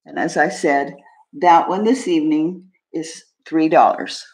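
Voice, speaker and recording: A woman hosting a live jewelry sale stream, describing pieces in a chatty, unhurried way and talking to viewers. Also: sits low, animated, a little mellow. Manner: chatty, describes items slowly, friendly asides to viewers. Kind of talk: casual live-stream selling.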